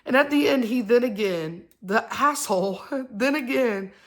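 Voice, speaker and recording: A woman's voice: a little high, animated, a little slow. A mother, telling a story to the camera in a rambling, heated way full of fillers. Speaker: mother and vlogger.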